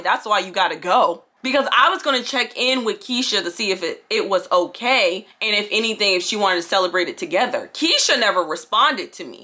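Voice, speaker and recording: A woman's voice: medium pitch, sharp tone. A young woman telling a storytime vlog in an indignant, sassy way, acting out what her friends said. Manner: indignant, sassy, quoting friends in mock voices. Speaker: vlogger.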